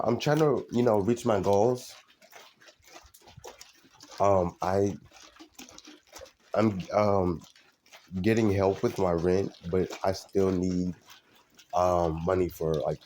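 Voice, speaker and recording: Deep-voiced man chatting on a live stream. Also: fairly even intonation, darkish tone, a little hiss or hum. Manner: halting, many fillers and restarts. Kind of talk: casual live-stream chat to viewers.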